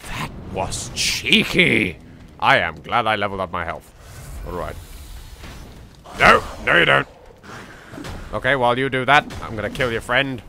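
A young man with an English accent talks over his game with a lively, bright voice and a gravelly rasp at the bottom of it. He is jokey and theatrical, hushed one moment and yelling the next. Faint background noise sits under the mic. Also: medium pitch, moderate pace, long pauses. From England. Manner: theatrical, jokey, swings between hushed asides and loud outbursts. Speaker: let's play host. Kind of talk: game commentary.

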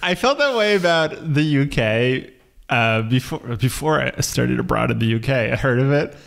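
A young man co-hosting a comedy podcast, his voice sitting at an ordinary middle pitch. He chats casually, laughs a lot and keeps slipping into mocking quoted voices. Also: lively intonation, normal speed, gravelly, fairly bright tone. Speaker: podcast co-host.

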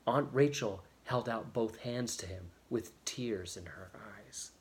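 A man reading a novel chapter aloud in a steady, expressive storytelling manner. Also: fairly low pitch, slow pace. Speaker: audiobook reader.

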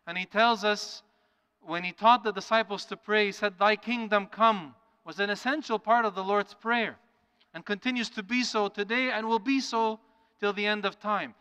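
A man's voice: sits high, fairly even intonation, moderate pace, bright, forceful tone, clear, resonant tone. A man preaching a sermon in an earnest way, repeating key phrases for emphasis. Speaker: priest. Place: church. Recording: long church reverb.

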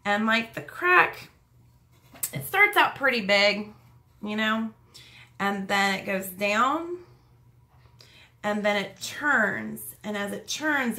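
A young woman telling a personal story in a casual, halting, emotional way, full of fillers and restarts. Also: mid-range voice, animated, sharp tone.

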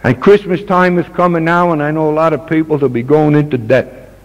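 A man's voice: on the high side, fairly even intonation, fairly quick. Older man speaking earnestly in a hall. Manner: plain-spoken, earnest, folksy. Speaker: recovery meeting speaker. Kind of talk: personal talk to a meeting. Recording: dull old tape with long reverb.

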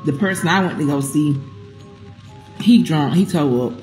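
A woman telling a casual storytime to her viewers, profane and animated, calling them "y'all". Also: low voice, moderate pace. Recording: echoey room with faint music.

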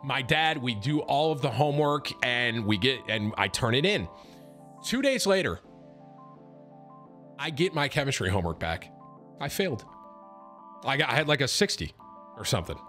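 A man's voice: medium pitch, lively intonation, moderate pace, pauses often, a bit bright. A man streaming and casually telling a story to his viewers, rambling, repeating words and swearing as he mocks himself. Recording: music playing underneath. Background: background music.

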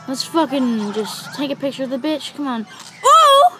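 A young woman giving let's-play commentary, excitable, gasping, swearing and shouting at the game. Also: high voice, a little fast, faint music behind, rough recording. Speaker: gaming YouTuber.

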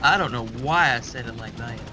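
A man's voice: medium pitch, a little fast, sharp tone, faint music behind. Sarcastic male co-host bantering. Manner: sarcastic, argumentative. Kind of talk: joking let's play banter.

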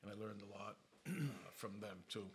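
A man's voice: fairly low pitch, moderate pace, background noise. A man hosting a podcast, telling casual stories and swearing freely as he chats with guests. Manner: swears freely, animated anecdotes. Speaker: podcast host. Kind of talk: casual storytelling chat.

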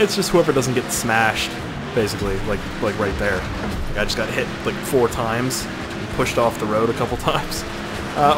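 A young Canadian man with a Canadian accent giving casual let's-play commentary, excitable and profane, yelping and swearing while he plays. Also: medium pitch. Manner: excitable and profane, yelps and swears at other cars. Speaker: gaming YouTuber. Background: game music and car engine sounds.

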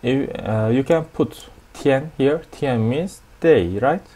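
A man with a Turkish accent teaches a language lesson at a whiteboard, speaking slowly and repeating every new word. His voice is medium in pitch with a dark tone.

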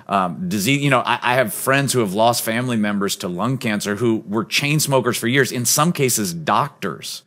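Earnest male pastor preaching a sermon. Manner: earnest, emphatic storytelling preacher; drops to a soft, low voice on key points.

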